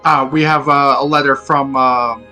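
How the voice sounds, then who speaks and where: A man's voice: medium pitch, steady tone, normal speed, sharp tone, faint music behind. A man playing in a tabletop game, hesitant and stammering. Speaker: player. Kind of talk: tabletop game play, casual.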